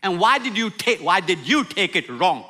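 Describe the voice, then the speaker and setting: A middle-aged man preaching a sermon with humor, swinging from loud outbursts to near-whispers. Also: high-pitched, moderate pace. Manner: animated, humorous preaching with sudden loud and soft turns. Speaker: pastor.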